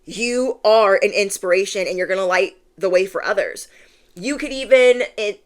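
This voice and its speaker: A young woman talking casually to her viewers during a spiritual tarot reading, rambling and filling her talk with asides and quoted lines. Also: medium pitch. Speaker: tarot reader.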